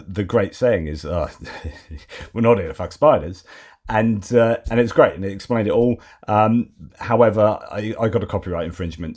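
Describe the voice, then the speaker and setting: A man's voice: fairly low pitch, darkish tone. A man hosting a casual news commentary, rambling and digressing with many fillers and restarts.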